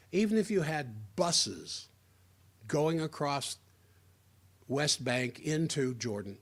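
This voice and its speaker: A man giving a sarcastic, rambling political opinion monologue, often restarting his sentences. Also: mid-range voice. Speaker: political commentator.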